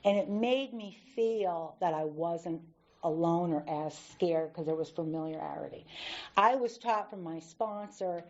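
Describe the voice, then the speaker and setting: Woman, low-ish voice, candid recovery talk at a podium, dull lo-fi recording. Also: unhurried. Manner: candid, animated storytelling with acted-out quotes. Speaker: AA speaker.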